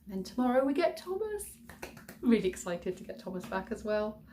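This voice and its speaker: A middle-aged woman from England, a childminder and vlogger, chats casually to her viewers in a rambling vlog sign-off. Her medium-pitched voice is sing-song and a little fast, with slight background noise. She's chatty and warm-hearted and chuckles as she goes.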